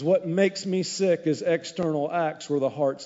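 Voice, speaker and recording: A male pastor preaching a sermon in an animated, conversational way, with frequent asides to the congregation. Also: on the high side, a little slow. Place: church sanctuary. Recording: dull, echoey hall recording.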